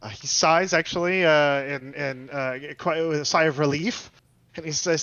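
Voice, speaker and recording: A man narrating as game master of a tabletop game, halting with many fillers and restarts. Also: fairly high pitch, a bit bright, no room sound, lo-fi sound.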